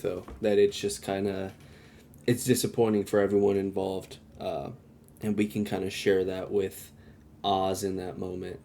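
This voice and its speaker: A man's voice: lowish voice, a little hiss or hum. Young man laughing through a podcast recap. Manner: laughing, animated retelling. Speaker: podcast co-host. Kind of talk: casual chat.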